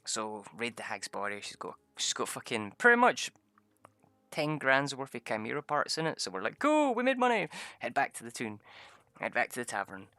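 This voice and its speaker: Bright-voiced man swearing through a game recap. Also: normal speed, no echo. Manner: animated, swears a lot, laughs often, jumps into high excited bursts. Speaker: vlogger recapping a tabletop game session. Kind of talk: casual storytelling.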